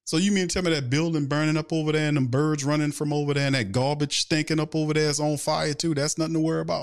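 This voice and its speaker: A man's voice: on the high side, fast talker, hardly any pauses. Man ranting as a sports podcast host. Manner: animated, ranting, rhetorical questions; takes viewer questions from chat. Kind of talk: casual fan commentary.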